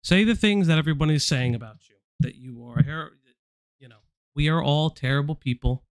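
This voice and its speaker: A man's voice: fairly high pitch, a little fast, smooth, no echo. A man hosting a livestream, speaking directly to someone in a confrontational, repetitive way. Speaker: stream host. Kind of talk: livestream commentary.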